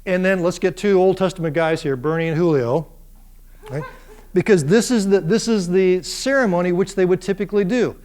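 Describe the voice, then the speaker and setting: A male university lecturer talks through a lesson in a fairly high voice. He keeps asking his students questions and slips into voices for the people he describes, which keeps the delivery lively. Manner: lively, acts out voices of biblical figures; asks the class rhetorical questions. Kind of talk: classroom lecture.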